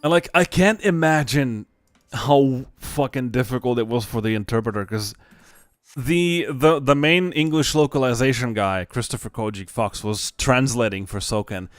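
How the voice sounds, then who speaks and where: Excitable young man streaming a game. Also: mid-range voice, moderate pace, dry recording. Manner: excitable, swears freely, laughs often. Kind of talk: casual live stream chat.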